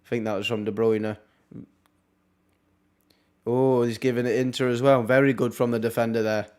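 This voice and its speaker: A young man, casually commentating on a football match live for his stream, with wry asides and quick reactions. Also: mid-range voice, flat delivery, darkish tone, smooth. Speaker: watchalong streamer.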